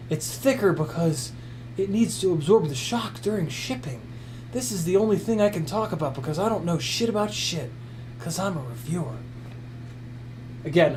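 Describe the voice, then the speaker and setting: A man's voice: on the high side, lively intonation, moderate pace, slight background noise, natural voice. A man putting on a clueless, oblivious gadget reviewer, talking in a silly mock-naive way during an unboxing.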